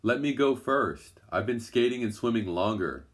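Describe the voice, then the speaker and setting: A brave young girl from a children's story, earnest and determined, voiced by a man reading aloud. She talks with a steady resolve. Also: mid-range voice, normal speed, voice pushed up, lightly acted.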